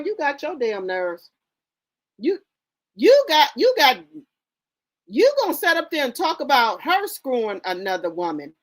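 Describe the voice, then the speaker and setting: A woman hosting a gossip channel, speaking in a high voice. Her pitch swoops widely as she builds indignant, sassy commentary. She often repeats phrases to hammer a point home. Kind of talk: casual commentary reading posts aloud.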